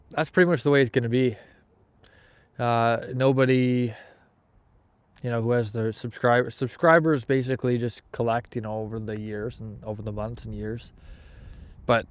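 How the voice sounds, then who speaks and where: A man's voice: medium pitch, clear, resonant tone. A man from Canada hosting a fishing livestream outdoors in the snow, chatting casually with viewers and reading their comments aloud in an easygoing, rambling way.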